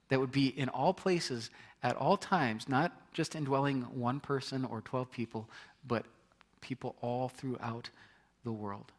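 A man preaching a sermon in a conversational way, reading scripture aloud and often restarting his words. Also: medium pitch. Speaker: pastor.

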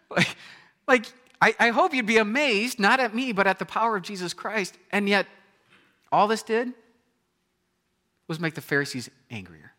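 A man preaching a sermon, animated, acting out voices and swinging from loud exclamations to hushed, quiet lines. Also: high-pitched, unhurried, long pauses. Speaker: pastor. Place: church.

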